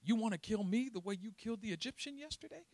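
A man voicing an exasperated, misunderstood biblical leader, Moses, pleading and rising to a shout. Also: sits high, animated, fast talker, dry recording, voice pushed up. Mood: pleading, indignant.

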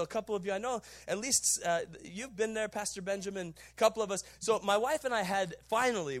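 High-voiced pastor telling a lively story. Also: male voice, no echo. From Southern California. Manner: animated storytelling with bursts of shouting and laughter. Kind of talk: sermon. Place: large church auditorium.

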